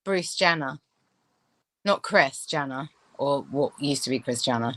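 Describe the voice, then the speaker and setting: A woman's voice: rumbling low, animated, unhurried, fairly bright tone, slight background noise, low-quality recording. A woman in a casual group discussion, telling chatty anecdotes full of asides.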